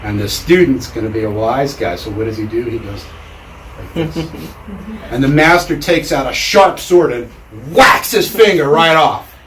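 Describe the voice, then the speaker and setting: A man giving a storytelling lecture in a measured way with deliberate pauses, in a lecture room. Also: mid-range voice, background noise. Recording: roomy hall, mic far off.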